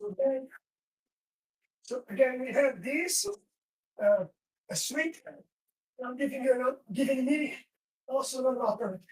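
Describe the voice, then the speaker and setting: A woman's voice: high-pitched, normal speed, pauses often. A woman teaching self-defense in a live class, giving short commands while she demonstrates moves. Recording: roomy echo from far off.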